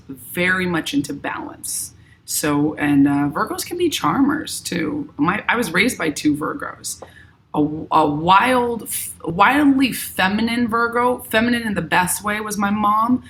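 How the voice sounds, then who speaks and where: Brief: middle-aged New York woman, low-ish voice, chatty live-stream host reading comments, faint room hum. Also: a bit bright. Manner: chatty, reads viewer comments aloud. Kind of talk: casual live-stream chat.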